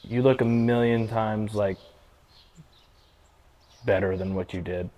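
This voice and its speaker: A man's voice: fairly low pitch, fairly even intonation, slow, mellow. A young man co-hosting a podcast, teasing his friend with backhanded jokes in casual chat. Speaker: podcast co-host.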